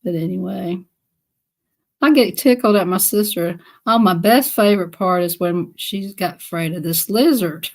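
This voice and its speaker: A woman's voice: fairly low pitch, moderate pace. A woman telling casual stories on a live stream, chatty and laughing often as she acts out voices. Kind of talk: casual storytelling.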